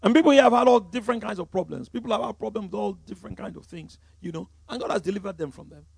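A Nigerian man preaching a sermon as pastor, emphatic, swinging from loud declarations to quiet asides. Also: high voice, rapid-fire, vocal fry, husky, no echo.

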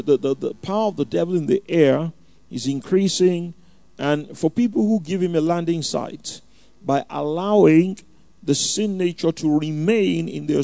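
Gravelly, dark-voiced male preacher. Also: fairly high pitch, dry recording. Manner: measured, fervent prayer then teaching with hesitant restarts. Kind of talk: sermon with opening prayer. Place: church.

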